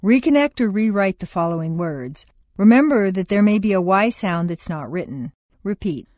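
A woman's voice: mid-range voice, expressive, moderate pace, a little mellow. Woman reading course instructions. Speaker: pronunciation instructor.

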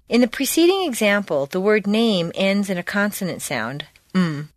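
A woman slowly modeling linked phrases for a pronunciation lesson. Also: medium pitch, expressive, dry recording. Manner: deliberate, drawn-out model phrases. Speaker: example reader in an accent lesson. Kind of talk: slow pronunciation demonstration.

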